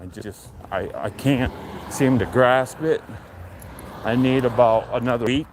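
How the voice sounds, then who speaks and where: A man in his forties on a casual live stream, chatting in a relaxed, rambling and enthusiastic way. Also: mid-range voice. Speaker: livestream host. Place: outdoors on a neighborhood street. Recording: faint outdoor street noise.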